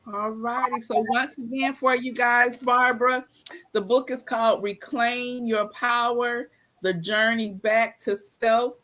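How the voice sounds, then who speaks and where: A woman's voice: a little high, fairly even intonation, a little slow, fairly bright tone. A woman hosting a casual live-stream chat over a video call, chatty and affectionate, laughing often. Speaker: host.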